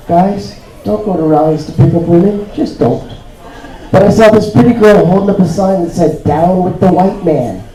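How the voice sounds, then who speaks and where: Toronto man doing stand-up, high voice. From Toronto, Canada. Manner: deadpan storytelling with acted-out voices. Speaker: stand-up comedian. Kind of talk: stand-up comedy set. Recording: roomy club sound, mic heard from a distance. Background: audience laughter.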